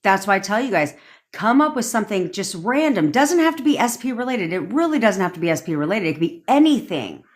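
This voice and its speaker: A woman's voice: medium pitch, very animated, a little fast. A woman, a manifestation coach, telling a story in a casual live-stream rant, swearing freely and repeating points for emphasis.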